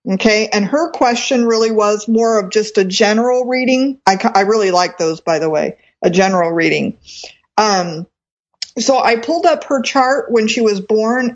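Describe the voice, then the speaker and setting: A woman astrologer giving a live reading on the radio, explaining as she goes and stopping to rephrase. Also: medium pitch. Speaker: astrologer and reverend. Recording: dull lo-fi sound.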